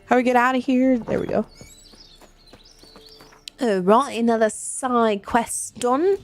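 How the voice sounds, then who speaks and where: A woman's voice: fairly high pitch, slow, soft background music. A woman streamer chatting casually while she plays a video game, giggly and chatty as she reads and answers her chat.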